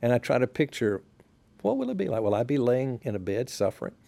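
A man, a pastor, talking as a podcast guest in a relaxed, reflective way, sharing stories unhurriedly and often restarting his sentences. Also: mid-range voice, fast talker, vocal fry, no echo. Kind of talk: relaxed conversational storytelling.

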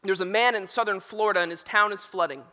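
A man's voice: high voice, quick pace, sharp tone. A young man who is a youth minister giving a sermon, telling stories earnestly with touches of humor. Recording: reverberant hall.

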